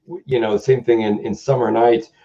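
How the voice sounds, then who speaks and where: A man's voice: medium pitch, steady tone, a little fast, gravelly, warm tone. A man hosting a casual music chat, rambling through stories and imitating the people he quotes. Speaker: host. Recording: muffled lo-fi sound.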